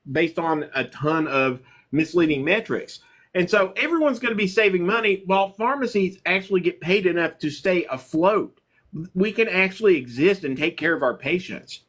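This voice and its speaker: A pharmacist man speaks bluntly in a casual chat and slips in wry jokes. His voice sits a bit higher than most men's. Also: a bit bright.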